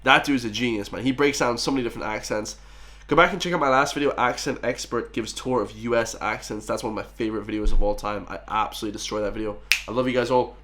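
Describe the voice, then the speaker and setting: A man's voice: medium pitch, fairly bright tone. An Irish man hosting a reaction video, speaking in enthusiastic, slangy casual commentary straight to his viewers.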